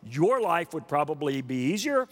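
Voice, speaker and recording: Emphatic pastor, booming hall. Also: male voice, very animated, normal speed. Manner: emphatic, rising to loud repeated emphasis, asks the congregation questions. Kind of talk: sermon. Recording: long reverb of a large hall.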